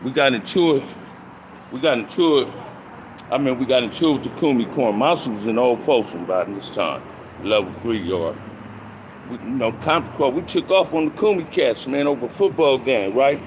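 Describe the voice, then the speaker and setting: An older man telling stories from his past in casual street slang, and he gets animated when he reenacts fights. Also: mid-range voice, a little fast, background noise. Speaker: storyteller recounting prison life. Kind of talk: casual storytelling monologue.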